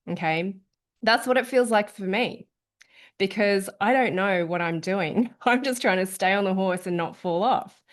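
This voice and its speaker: A woman coach talking casually to an online audience, chatty, often checking in with "okay?". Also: mid-range voice. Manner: chatty, frequent "okay?", lively quoting of herself. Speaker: wellness coach presenting an online event.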